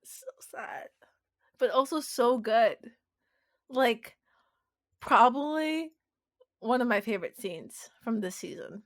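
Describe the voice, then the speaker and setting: A woman's voice: fairly high pitch, expressive, takes it slowly, pauses often, no echo, studio quality. A woman co-hosting a podcast, chatting casually and rambling with lots of fillers, getting emotional and giggly. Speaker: podcast co-host. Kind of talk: casual chat recapping a TV episode.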